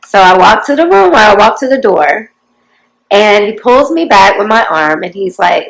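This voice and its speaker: A woman's voice: medium pitch, sing-song, moderate pace, vocal fry, rough recording. A woman in her forties telling her life story to her viewers in a chatty, confiding way, often talking straight to them. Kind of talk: casual storytelling to camera.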